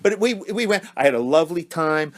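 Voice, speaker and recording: A man co-hosting a casual podcast, telling a story in a halting, earnest way and repeating words as he goes. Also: fairly high pitch, lively intonation. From Ohio, US. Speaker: podcast co-host.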